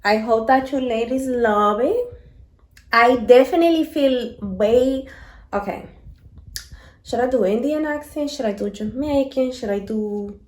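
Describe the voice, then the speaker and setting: A woman's voice: fairly high pitch, unhurried, darkish tone. A woman hair care vlogger talking casually and playfully to her viewers. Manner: playful, addresses viewers directly. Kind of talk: casual vlog talk. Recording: roomy echo.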